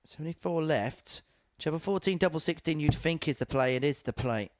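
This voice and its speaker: A man's voice: fairly high pitch, brisk. A man doing live darts commentary, chatty and informative, mixing play-by-play with anecdotes.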